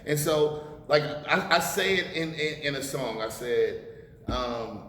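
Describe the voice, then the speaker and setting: A man in his forties speaks bluntly and emphatically, swearing freely as he makes his points. His voice sits at a middling pitch. It rings through an echoey room with a long reverb tail and faint hiss underneath. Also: expressive, takes it slowly, fairly bright tone. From United States. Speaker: rapper guest. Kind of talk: casual interview talk.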